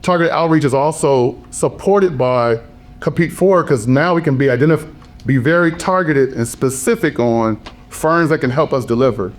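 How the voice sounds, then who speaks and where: A man speaking on a business panel, his voice hoarse, talking with emphatic passion and repeated phrases. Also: mid-range voice, moderate pace. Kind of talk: panel talk.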